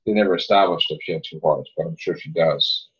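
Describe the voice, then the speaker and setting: A man's voice: very deep voice, fast talker, breathy edge. A man hosting a casual podcast, ranting heatedly and swearing a lot. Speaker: podcast host. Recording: dull lo-fi podcast audio.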